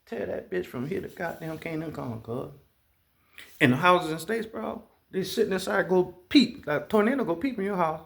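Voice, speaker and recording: Brief: a man with a slightly high voice, telling stories straight to camera, loose, profane and animated. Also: fairly quick, vocal fry. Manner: profane, animated, with sound effects. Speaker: vlogger. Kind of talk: casual storytelling monologue.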